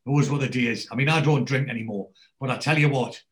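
A man speaking fairly quickly in a mid-range voice recounts a TV episode in casual conversation, and the recording quality is poor. He tells it with energy, cursing openly and performing the characters' dialogue.

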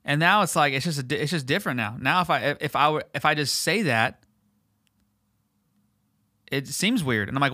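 Animated, crude young man telling stories. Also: on the high side, moderate pace, long pauses, no echo, clean studio sound. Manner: crude, animated, swearing, acting out voices. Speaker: podcast host. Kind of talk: casual storytelling chat.

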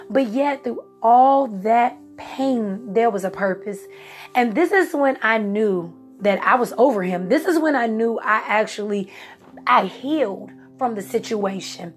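A woman from Virginia talks through a painful chapter of her life in a fairly high voice, leaning hard on her words. She acts out what was said with strong feeling. Soft music plays faintly beneath her. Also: lively intonation, unhurried. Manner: emotional, emphatic storytelling with voiced quotes. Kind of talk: personal testimony talk.

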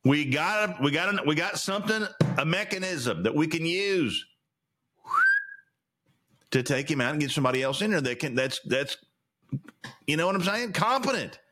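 A man's voice: on the high side, expressive, moderate pace, long pauses, bright, forceful tone. A man hosting a solo podcast, ranting indignantly about the news with lots of stammered restarts. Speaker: podcast host. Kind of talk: opinionated solo commentary.

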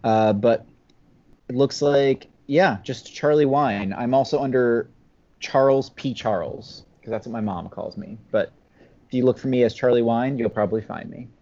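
A man with a dark, mellow voice discusses a movie as a podcast guest. He rambles, hesitates and corrects himself as he goes. The recording sounds a little dull and muffled. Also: mid-range voice, moderate pace. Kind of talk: casual film discussion.

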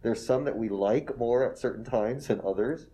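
A man in his forties telling stories as an interview guest, animated and self-deprecating, often tagging "okay?" onto his lines and going soft and emotional when he talks about his wife. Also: mid-range voice, normal speed, slight background noise. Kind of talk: casual storytelling interview.

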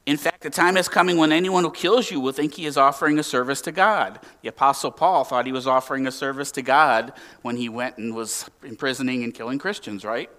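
Male pastor, higher-pitched bright voice, animated sermon delivery, slightly distant church mic. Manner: animated preaching with emphatic rises and hushed drops.

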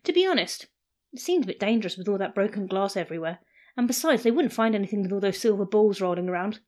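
A woman narrating a first-person story in a playful, animated way. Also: mid-range voice, fast talker.

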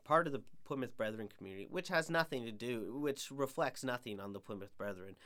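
A man's voice: mid-range voice, lively intonation, a little fast, fairly bright tone. Rambling, self-mocking young man. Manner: rambling storyteller with filler-heavy, self-mocking humour. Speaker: podcast host. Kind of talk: casual chat.

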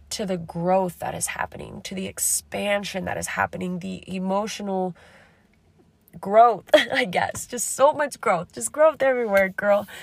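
Raspy, slightly sick young woman podcaster. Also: lowish voice. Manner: fast, candid, swearing, girlfriend-talk. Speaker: podcast host. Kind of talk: casual self-help podcast monologue.

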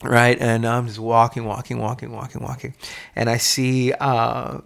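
A man's voice: medium pitch, normal speed, vocal fry, over a noisy crowd. Guy on a podcast telling a wild story, casual, swears a lot, does little voices. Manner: animated storyteller, swears freely, acts out voices. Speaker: podcast co-host.

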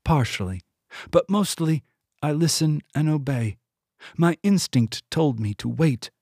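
A man voicing a calm female monarch who speaks in a measured, reverent way. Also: mid-range voice, slightly rough, dry recording, studio quality.

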